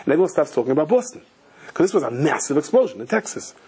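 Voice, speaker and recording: Husky-voiced rabbi telling stories. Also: male voice, fairly high pitch, sing-song, racing, darkish tone. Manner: storytelling with Hebrew and Yiddish terms, frequent restarts. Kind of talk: sermon.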